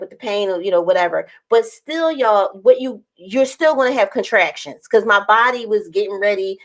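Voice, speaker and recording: A young woman vlogging to camera in casual storytelling, acting out quoted lines in a raised voice and laughing often. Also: medium pitch.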